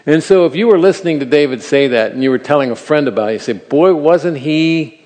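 An older man teaching the Bible to a live audience, earnest and animated, asking his listeners questions. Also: medium pitch, racing. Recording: reverberant hall.

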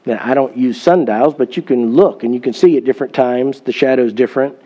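A man's voice: medium pitch, brisk, lo-fi sound. A middle-aged man, a pastor, preaching a sermon in an earnest storytelling manner, with emphatic scripture reading.

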